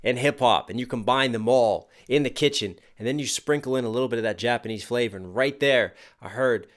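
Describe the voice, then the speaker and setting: A young adult male rapper reacts to a music track enthusiastically and casually, picking apart the lyrics line by line. His voice is medium in pitch and a little fast.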